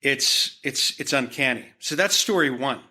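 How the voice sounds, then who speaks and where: A man's voice: mid-range voice, animated, unhurried, pushed and bright. A man from Utah, an art historian and art dealer, telling anecdotes in a podcast interview with frequent restarts and fillers. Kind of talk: conversational storytelling.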